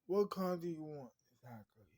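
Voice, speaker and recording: A woman's voice: low voice, expressive, normal speed, mellow, dry recording. A woman voicing a polite but easily offended male car salesman, in a plain, conversational way.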